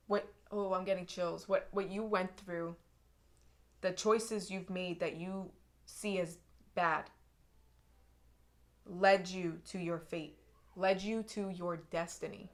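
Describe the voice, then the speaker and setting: A woman's voice: on the low side, steady tone, slow pace, long pauses. A young woman giving an intuitive tarot reading to her viewers, earnest and emotional, often repeating and restarting her phrases. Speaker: tarot reader.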